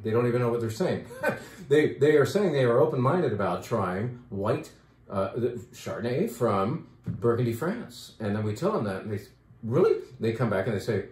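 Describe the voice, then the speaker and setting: A man's voice: medium pitch, sing-song, normal speed, darkish tone. Brief: enthusiastic male wine shop owner, mid-range voice, chatty and loose, echoey shop room. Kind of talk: casual wine talk video.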